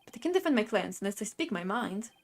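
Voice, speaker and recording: A woman's voice: medium pitch, sing-song, quick pace. A woman voicing an earnest young male defense lawyer who speaks politely and firmly.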